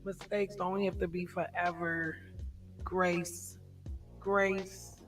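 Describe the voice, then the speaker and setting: A middle-aged woman hosting a casual livestream chat, telling stories in an animated way and laughing often. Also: on the low side, extremely slow, distant mic, soft background music. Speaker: livestream host.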